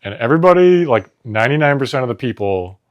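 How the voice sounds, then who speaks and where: A man's voice: mid-range voice, fast talker, lo-fi sound. Laid-back man rambling in casual chat. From New Jersey. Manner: rambling, relaxed storytelling with frequent "like". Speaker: podcast co-host.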